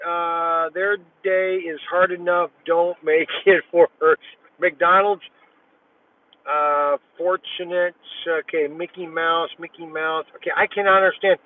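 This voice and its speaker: A man's voice: high voice, far from the mic. A man vlogging while driving, chatting casually and rambling in a folksy way from inside his car. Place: inside a car at a drive-thru. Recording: tinny, phone-like sound.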